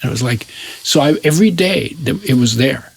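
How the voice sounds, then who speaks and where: A man's voice: medium pitch, lively intonation, brisk, vocal fry, husky. A man in his eighties, a guest in an interview, telling his life story in a reflective, searching way that often trails off mid-sentence. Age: 80s.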